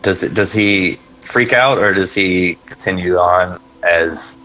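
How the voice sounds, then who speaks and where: A man with a very low voice narrates a tabletop fantasy game as its game master. He talks hesitantly, full of ums and restarts, as he describes the scene and calls for rolls. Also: slow, sharp tone, faint music behind, low-quality recording. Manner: hesitant, many fillers and restarts.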